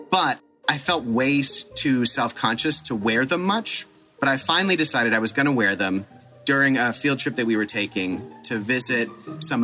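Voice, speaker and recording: Bright-voiced man telling a story. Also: fairly low pitch. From United States. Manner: animated, self-deprecating storyteller who laughs at himself. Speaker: podcast guest, archaeologist. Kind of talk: storytelling in a podcast interview.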